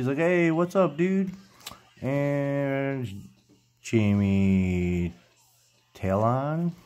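Opening packs of baseball cards, a middle-aged YouTuber with a lowish, darkish voice keeps up a casual chat. Player names come one after the next, and when he stumbles on some, he fixes them.

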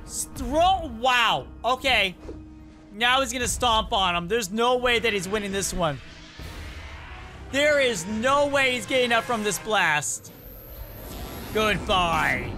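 Reaction host, excited commentary, bouncy animated pitch, exclamatory, talks to viewers. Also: slow, long pauses, soft background music.

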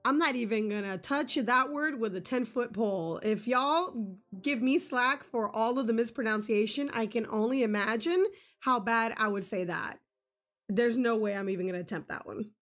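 A woman's voice: on the high side, normal speed, fairly bright tone. A woman streaming a farming game, chatting casually, reading game text aloud and laughing often. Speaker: gaming streamer. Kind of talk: casual let's-play chat.

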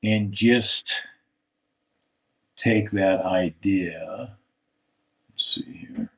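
A man with a very low voice talks slowly through an art critique. He pauses often and lets some phrases trail off into quiet mutters as he works. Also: rough recording. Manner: thoughtful, halting, trails off into soft mutters. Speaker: art instructor. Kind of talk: live drawing critique.

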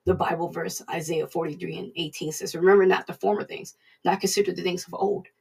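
A woman preaching in a plain, conversational way, speaking straight to her listeners. Her voice is gravelly and husky. She sounds a little distant from the microphone. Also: lowish voice, steady tone, a little fast, a little mellow. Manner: plain-spoken, conversational, addresses listeners directly. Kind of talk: informal recorded sermon.

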